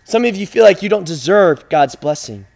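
Male preacher, high-pitched voice, impassioned sermon delivery, drops to a hush then builds loud. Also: expressive, moderate pace, vocal fry. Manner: impassioned, repetitive, swings from hushed to loud.

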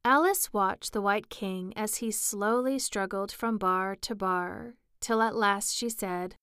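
Woman narrator, audiobook reading, slow, smooth voice, dry sound. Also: mid-range voice, a bit bright, no room sound.

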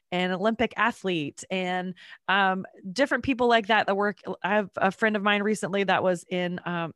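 A congested woman in her thirties from North Carolina talks about her life as a podcast guest. Her stuffy voice sits lower than her usual, and she speaks in a chatty way. The sound is close and dry, with no room echo. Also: fairly bright tone. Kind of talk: interview answers.

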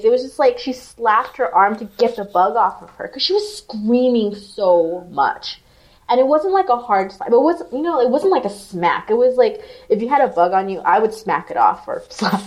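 A woman co-hosting a podcast, telling an animated, profanity-laced story full of "like" fillers in casual chat. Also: a little high, moderate pace. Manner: animated, swearing, lots of "like" fillers. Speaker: podcast co-host.

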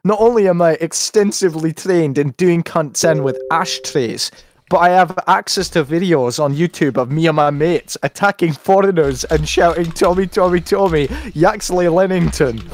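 A British livestream host with a voice on the high side speaks at normal speed. He laughs often while reading a comic rant and the chat aloud in a casual stream.

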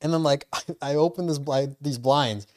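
A man's voice: on the high side, normal speed, a little mellow. Laid-back, laughing male host. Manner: laughing, easygoing. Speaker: podcast host. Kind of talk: casual chat.

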